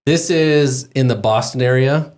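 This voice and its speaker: A man's voice: medium pitch, measured pace, darkish tone. A man hosting a podcast, steering the conversation and walking through news cases. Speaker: podcast host. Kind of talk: casual podcast chat.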